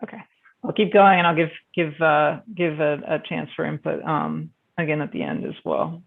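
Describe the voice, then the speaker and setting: Man, somewhat high, gravelly, presenting a form to colleagues on a call; halting, full of "um" and restarts; thin phone-like audio. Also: lively intonation. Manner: halting, many fillers and restarts. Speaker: meeting presenter. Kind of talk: walking through a spreadsheet on a video call. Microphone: video call. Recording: phone-like band-limited video call audio.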